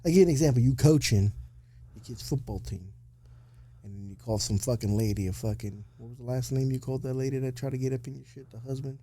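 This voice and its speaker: Young male podcast co-host, fast and blunt, husky dark voice, cusses freely. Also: mid-range voice. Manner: blunt, profane. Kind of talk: casual banter.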